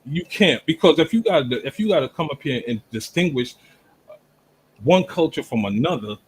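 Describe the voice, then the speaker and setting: A man from Jamaica arguing forcefully in a heated online debate, pushing through interruptions. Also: fairly high pitch, animated, moderate pace, breathy edge, rough recording. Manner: forceful, repeatedly talks over interruptions.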